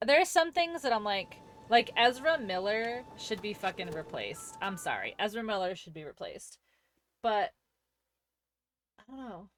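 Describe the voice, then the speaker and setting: A woman's voice: mid-range voice, big pitch swings, a little slow, faint music behind. A woman streaming a video game, chatting casually and reacting aloud as she answers her chat. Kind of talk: casual gameplay commentary.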